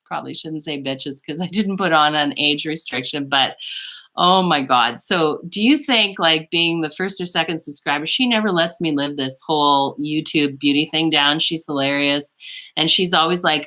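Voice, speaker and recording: A woman's voice: low-pitched, moderate pace, bright, forceful tone. A woman beauty vlogger chatting casually on a live stream, rambling and laughing often, calling viewers "girl".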